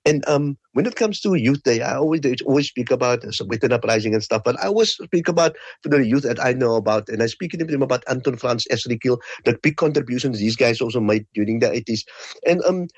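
Rapid husky man. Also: mid-range voice, expressive, dry recording, muffled recording. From Cape Flats, South Africa. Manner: earnest, rushed, repeats himself. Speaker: caller. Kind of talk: casual call-in remarks.

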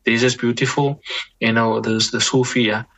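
Give me a husky, forceful man speaking as an Islamic scholar guest. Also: mid-range voice, little pitch movement. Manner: measured, repeats and restarts phrases, interjects religious expressions. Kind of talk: reflective conversational advice.

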